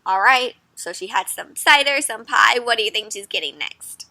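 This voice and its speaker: A young woman hosting an interactive children's read-aloud, animated and teacherly, stopping to ask the listener questions. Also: fairly high pitch, fairly quick, hardly any pauses, no room sound.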